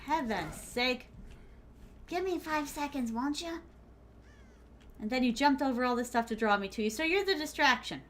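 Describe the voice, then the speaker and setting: A woman's voice: high-pitched, lively intonation, normal speed, long pauses, fairly bright tone, slight background noise. A young woman from the American South with a Southern accent, streaming a game and commenting live in a playful, teasing way, calling viewers by pet names. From Southern United States.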